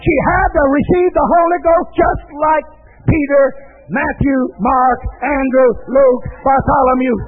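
A man preaching a fiery sermon, swinging between shouts and low growls. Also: little pitch movement, measured pace, faint music behind. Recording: tinny lo-fi phone-like recording.

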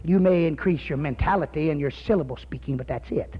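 A man preaching a fervent, folksy sermon, shouting at times. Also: on the high side, fast, few pauses. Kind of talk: fiery sermon. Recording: slightly muffled recording.

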